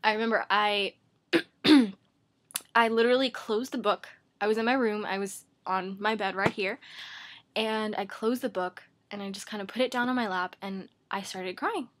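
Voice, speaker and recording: Woman, book vlogger, rambling casual chat, lots of fillers, bedroom, mid-pitched voice. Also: fairly even intonation, normal speed, fairly bright tone. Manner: rambling and chatty, full of "like" and "um". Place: her bedroom.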